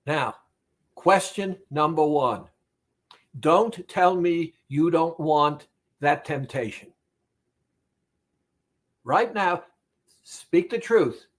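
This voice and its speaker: A man, a therapist, speaking directly to the listener about weight loss in a deliberate, repetitive, emphatic monologue. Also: fairly high pitch, lively intonation.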